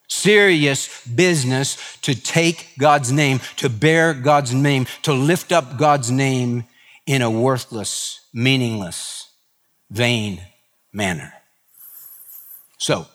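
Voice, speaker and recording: A man's voice: mid-range voice, slow, fairly bright tone, in a large hall. A man preaching a sermon as pastor, impassioned, acting out both sides of conversations. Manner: impassioned preaching with acted dialogue.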